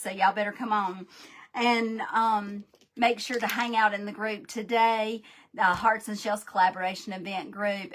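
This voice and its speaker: This crafting livestream host has a mid-range, slightly bright voice. Addressing her viewers directly, she runs her live demo in a folksy, somewhat scatterbrained manner.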